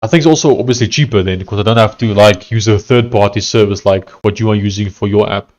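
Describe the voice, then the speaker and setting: South African man coding out loud. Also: lowish voice, fast talker, lo-fi sound. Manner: thinks aloud, hesitant with restarts. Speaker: software developer streamer. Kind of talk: casual live-coding commentary.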